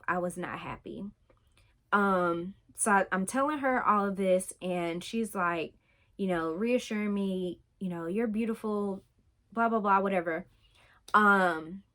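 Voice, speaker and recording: A woman's voice: mid-range voice, fairly bright tone. A young adult woman speaking candidly in a personal vlog, telling her own story in a conversational way with lots of fillers. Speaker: vlogger.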